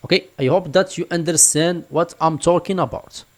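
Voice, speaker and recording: Guy doing a screen tutorial, kinda high voice, keeps saying for example. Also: steady tone, normal speed. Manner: explanatory, repeats "for example" and "just like this". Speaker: online tutorial instructor. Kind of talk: screen-recorded tutorial walkthrough.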